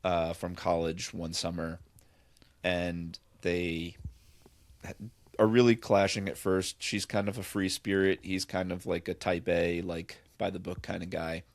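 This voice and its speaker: Guy with a lowish voice rambling happily about movies, dry room, lots of ums. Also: little pitch movement, a little slow, no room sound. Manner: rambling, enthusiastic, lots of fillers. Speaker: podcast co-host. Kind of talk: casual movie chat.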